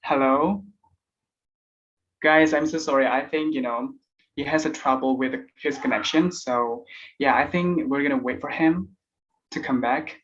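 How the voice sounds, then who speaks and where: A man's voice: medium pitch, a little slow, long pauses, fairly bright tone. Man hosting an online class. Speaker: moderator. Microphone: video call. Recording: dull online call audio.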